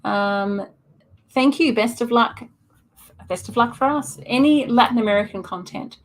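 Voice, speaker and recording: A woman's voice: a little high, a little slow. A woman, a festival director hosting a live-streamed preview and answering chat questions off the cuff, hesitant with many ums.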